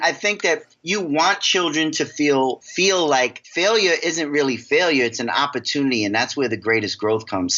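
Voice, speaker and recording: A man from New York tells a story in a podcast interview, energetic and animated, doubling up words as he goes. His voice is bright and forceful, and the recording sounds a little dull and lo-fi. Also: mid-range voice. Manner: energetic, animated storyteller who repeats words when excited. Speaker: guest, success coach.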